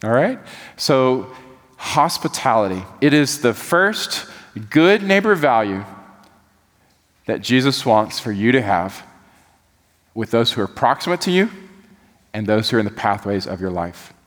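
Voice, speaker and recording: A man delivers a sermon in a church. His voice carries a long hall reverb around it. He preaches in an animated, folksy way, then sinks to a hush to press his point. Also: mid-range voice, a little slow, long pauses. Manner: animated, folksy preaching, drops soft for emphasis. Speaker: pastor. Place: church sanctuary.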